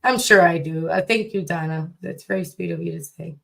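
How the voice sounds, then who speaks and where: A woman's voice: lowish voice, brisk, creaky. A woman from the Chicago area with a Chicago accent, chatting and joking as a co-host on a casual livestream.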